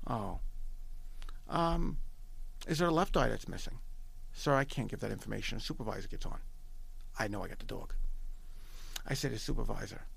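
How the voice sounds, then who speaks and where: A man's voice: fairly low pitch, expressive, normal speed, creaky, long pauses, a bit bright, breathy edge. A middle-aged man from New York with a New York accent, telling a story as a podcast guest, emphatic and repeating himself, quoting dialogue. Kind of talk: animated storytelling.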